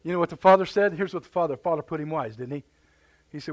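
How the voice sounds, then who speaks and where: A man's voice: a little high, quick pace. A man preaching a live sermon in a church, fervent and repeating words as he builds his points. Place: church sanctuary.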